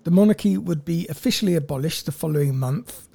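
A man with a warm, relaxed tone and a gravelly edge tells a story to his co-host. He reads from notes and slips in wry jokes. His voice sits a little high for a man. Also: fast talker, dry recording. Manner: wry, jokey narration read from notes. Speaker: podcast co-host telling the story. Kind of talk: casual storytelling chat.

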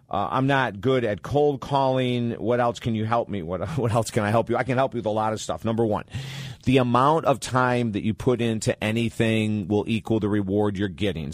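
A man hosting an advice talk show, answering listener questions in a blunt, animated and candid way. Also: on the low side, no echo, studio quality.

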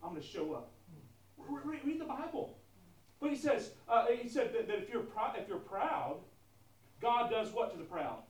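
A pastor preaching a sermon, asking the congregation questions, swinging from soft asides to loud, emphatic stretches with many fillers and repeats. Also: male voice, very high voice, normal speed, echoey room, far from the mic. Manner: animated call-and-response preaching, asks the congregation questions; conversational with frequent fillers and repeated words.

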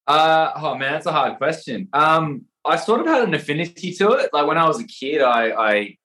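A man's voice: a little high, lively intonation, normal speed, pushed and bright, poor audio. A young man with an Australian accent, a guest actor chatting casually in an interview, full of fillers and restarts. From Perth, Western Australia. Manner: rambling, hesitant, many fillers and restarts.

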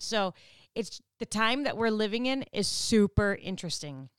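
Chatty woman, smooth dry voice. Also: medium pitch, moderate pace, no echo. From Wisconsin, US Midwest. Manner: chatty, laughs often, quotes people in lively voices. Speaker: vlogger. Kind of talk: casual chat to camera.

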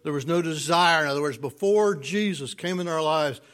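A man's voice: fairly high pitch, a bit bright, clear, resonant tone. A man preaching a conversational sermon, stretching key words and checking in with the congregation. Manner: drawn-out emphatic words, playful asides. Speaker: pastor.

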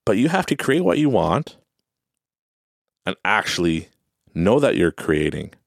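Young male host, deep gravelly voice, lively and earnest motivational delivery, dry close sound. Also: a little slow, no echo. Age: young adult. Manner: earnest, repetitive, animated, mimics others in high voices. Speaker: podcast host. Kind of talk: motivational talk.

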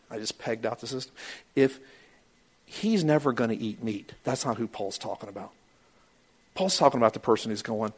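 A man preaching a sermon as pastor, talking animatedly and acting out quoted voices with sudden high outbursts. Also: animated, brisk, slightly rough.

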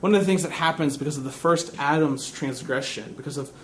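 A man preaching a sermon in a church, earnest and measured, dropping to a hushed tone in reflective stretches. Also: fairly high pitch, a little hiss or hum. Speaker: pastor.

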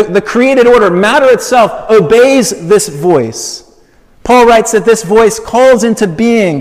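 A man preaching a sermon, measured and emphatic, building with slow repeated phrases. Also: high voice. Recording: long hall reverb.

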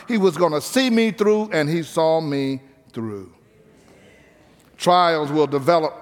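A man's voice: a little high, moderate pace. A man preaching a sermon as pastor, stressing his points by repeating key phrases. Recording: reverberant hall with faint music.

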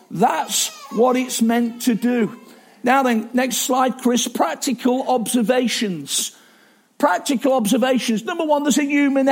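A man preaching a sermon in a chatty, self-deprecating way, with asides and restarts. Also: very high voice.

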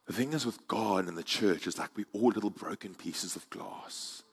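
A man preaching a sermon in a church, moving from quiet, intimate passages to loud, soaring climaxes. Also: on the low side, moderate pace, slightly rough. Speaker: pastor.

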